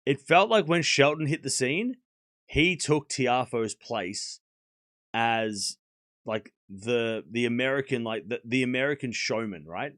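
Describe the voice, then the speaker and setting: A man hosting a casual live tennis watchalong, rambling with repeated restarts and switching into brisk play-by-play calls. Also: mid-range voice, no echo, studio quality. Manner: animated, rambling, repeats words while restarting sentences. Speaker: host and live tennis commentator. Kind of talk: casual livestream watchalong commentary.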